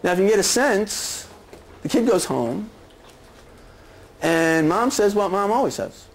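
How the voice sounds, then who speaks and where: A man's voice: high voice, lively intonation, a little slow, creaky, pauses often, low-quality recording. A man lecturing a class of clinicians in a conversational way, often checking in with "okay?" and "right?". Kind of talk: lecture with role-play examples.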